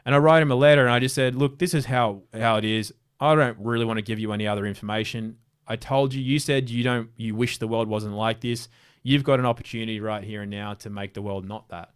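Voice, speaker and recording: A man's voice: fairly low pitch, steady tone, fast talker, smooth. An Australian man, an interview guest, telling casual stories in a rambling way with many restarts. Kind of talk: casual storytelling.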